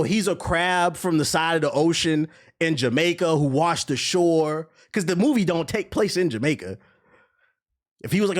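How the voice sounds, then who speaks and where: A young man streamer ranting in casual, profane commentary, now and then mocking voices. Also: sits high.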